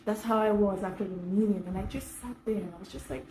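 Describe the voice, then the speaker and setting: A woman speaks in a relaxed, conversational way, circling back and restarting her sentences as she explains things to her viewers. Her voice is warm and mellow rather than bright. The room around her rings with a noticeable echo, with a faint hiss of background noise. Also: mid-range voice, fairly quick. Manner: conversational, many fillers and restarts. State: slightly dry throat. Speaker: self-help vlogger. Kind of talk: casual advice talk to camera.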